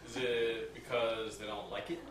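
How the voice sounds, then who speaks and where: A man doing a stand-up routine, playing an ignorant bigot persona with a slow deadpan delivery that keeps breaking into laughter. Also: fairly low pitch, crowd noise. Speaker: stand-up comedian. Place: party venue with a live audience. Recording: echoey room, far from the mic, loud noise.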